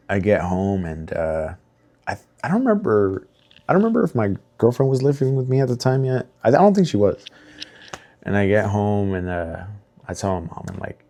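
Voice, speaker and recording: A man's voice: on the low side, sing-song, normal speed, mellow. A young man casually telling his own story to camera, rambling with lots of fillers, restarts and swearing, candid and emotional. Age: young adult. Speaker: vlogger.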